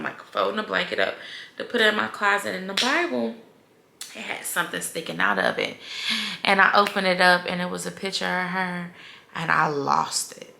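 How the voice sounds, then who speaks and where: A woman's voice: fairly low pitch, gravelly, sharp tone, echoey room. A young adult woman vlogging in a casual, rambling way, leaning on "like" constantly, speaking. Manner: chatty, rambling, heavy use of "like". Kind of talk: casual personal vlog talk.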